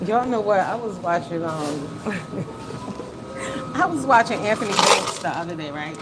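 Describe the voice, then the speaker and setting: Streaming live from her car, a woman with an animated, medium-pitched voice speaks at an unhurried pace. She chats bluntly, swears, and greets viewers by name, with car noise in the background.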